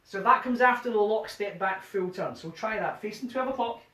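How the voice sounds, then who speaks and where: A man's voice: sits high, normal speed, pushed and bright. A man teaching a line dance workshop from his living room, chanting the step counts aloud in rhythm and sounding a bit out of breath. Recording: roomy, distant home video sound.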